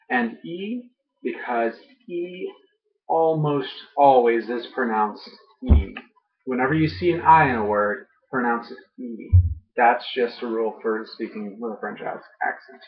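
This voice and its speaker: A young man vlogging casually, groggy after dental work, rambling with many ums and uhs. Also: fairly low pitch. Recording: muffled lo-fi home audio.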